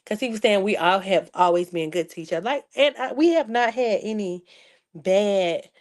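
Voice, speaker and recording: A woman's voice: mid-range voice, moderate pace, a little mellow. A young adult woman chatting casually to her viewers as a vlogger, sarcastic and talkative, calling them y'all.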